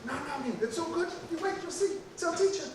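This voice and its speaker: Man putting on an eager little kiwi boy, high voice, pushy and repetitive, echoey room heard from a distance. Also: quick pace, slight background noise. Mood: coaxing, insistent. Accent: New Zealand. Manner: pushy, repeating himself to persuade. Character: eager young boy, best mate, insistent.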